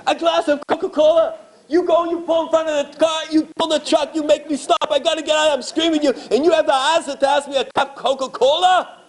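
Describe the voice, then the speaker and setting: A man voicing an angry truck driver who yells and shouts in indignation during a sermon story. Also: very high voice, fairly even intonation, a little fast, pitched above the performer's own voice. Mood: shouting.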